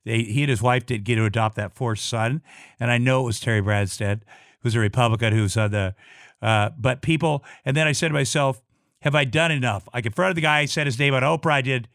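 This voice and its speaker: A middle-aged man from Iowa, a guest telling a personal story in casual talk, blunt and swearing often, halting with many restarts and repeated words. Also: mid-range voice, fairly bright tone, no room sound, clean studio sound. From Iowa, USA.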